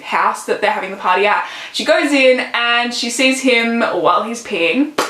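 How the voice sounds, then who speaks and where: A woman's voice: a little high, a little slow, pushed and bright, echoey room, poor audio. A woman in her late teens, a book vlogger, chatting casually and gushing about books she loves. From Australia. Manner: gushing, chatty, fond of "literally" and "so good".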